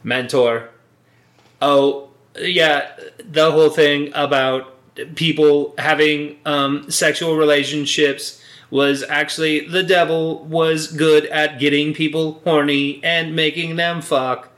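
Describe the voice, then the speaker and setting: A man's voice: a little high, flat delivery, takes it slowly, fairly bright tone. A man co-hosting a podcast in casual chat, laid-back and enthusiastic, swearing freely. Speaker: podcast co-host. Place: indoor recording room.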